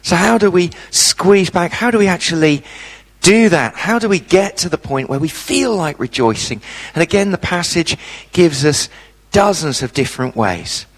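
A man preaching a sermon, telling a personal story with dramatic pauses. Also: a little high, lively intonation, big-room sound.

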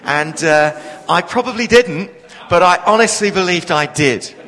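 Animated preacher in an echoey hall. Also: male voice, high-pitched, a little slow. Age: 40s. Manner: humorous storytelling, animated. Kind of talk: sermon.

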